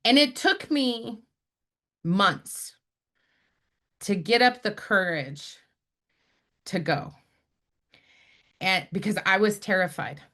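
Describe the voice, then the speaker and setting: A middle-aged woman from Utah, a spiritual director and activist appearing as a guest, tells a personal story in conversation, animatedly acting out the people she quotes. Her mid-range voice moves slowly, with frequent pauses.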